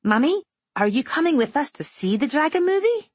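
A woman voicing an excitable, loud little girl who shouts her greetings and whines when told no. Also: sits high, fairly quick, dry recording, voice pushed up. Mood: excited. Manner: shouty, whiny when refused.

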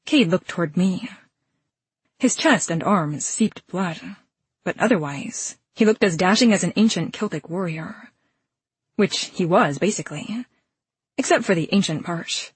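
Woman audiobook narrator, first-person action, breathy husky tone. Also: on the low side, animated, no echo. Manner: brisk and dramatic, sharp outbursts in action.

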